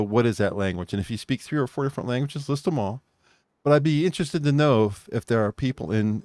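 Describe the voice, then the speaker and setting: A man's voice: on the low side, darkish tone, no echo, clean studio sound. An American man co-hosting a casual podcast chat, rambling and restarting his thoughts as he talks. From United States. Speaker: co-host.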